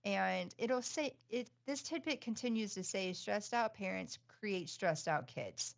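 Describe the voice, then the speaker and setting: A woman's voice: medium pitch, lively intonation, a little slow, vocal fry. A middle-aged woman co-hosting a podcast in casual chat, upbeat and chatty, laughing often. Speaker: podcast co-host.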